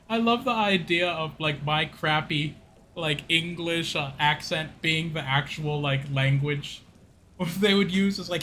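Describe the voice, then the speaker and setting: Man, streamer, casual gameplay chatter, rambling, self-mocking, fairly high, bright. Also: a little hiss or hum.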